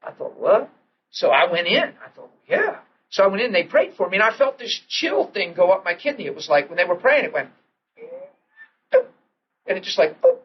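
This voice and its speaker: Excitable man preaching a story, lively pitch. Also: fast, hardly any pauses, a little hiss or hum. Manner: excitable, animated, laughing while telling. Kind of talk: storytelling sermon. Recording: dull lo-fi old tape.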